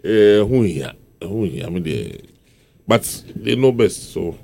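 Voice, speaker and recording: A man on a radio panel, giving a measured, dismissive opinion. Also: lowish voice, very animated, vocal fry, warm tone, slight background noise.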